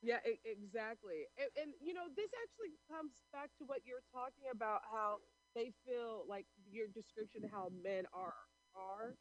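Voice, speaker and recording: A woman co-hosting a casual talk show, speaking emphatically with halting restarts. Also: a little high, dull audio. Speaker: podcast co-host. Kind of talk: casual chat.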